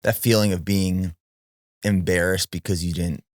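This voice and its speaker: Deep-voiced man asking relaxed questions. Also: normal speed, no echo, clean studio sound. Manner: relaxed, curious, conversational questions. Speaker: podcast host. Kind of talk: casual interview questions.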